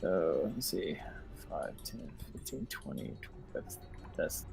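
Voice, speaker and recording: A man with a deep, gravelly voice plays a tabletop game. He counts out his movement slowly and quietly, half under his breath. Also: very animated, soft background music. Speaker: player. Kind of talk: playing an online tabletop game.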